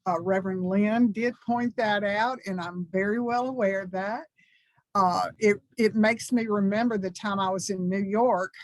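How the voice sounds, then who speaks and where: A woman's voice: mid-range voice, dry recording, low-quality recording. Enthusiastic Southern woman in her sixties. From American South. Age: 60s. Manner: enthusiastic, folksy storytelling. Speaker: reverend, guest speaker. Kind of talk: personal testimony talk at church.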